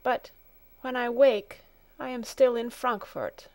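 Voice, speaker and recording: A woman's voice: fairly high pitch, fairly even intonation, slow, a little mellow, no room sound, pitched above the performer's own voice. A woman reading a storybook, voicing a timid, homesick little girl who is near tears and gives small, hesitant answers. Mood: homesick, tearful.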